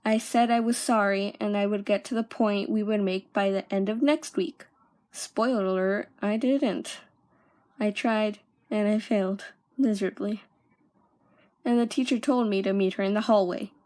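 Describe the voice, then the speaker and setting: A young woman vlogger telling a personal story, halting at times and dropping into hushed whispers. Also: mid-range voice, fairly even intonation.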